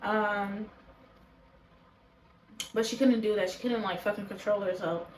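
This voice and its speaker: A woman's voice: mid-range voice, steady tone, a little slow, reverberant, a little hiss or hum, rough recording. A woman reviewing a reality show in casual chat to camera, blunt, profane and opinionated. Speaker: show reaction vlogger. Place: indoors, talking to a camera.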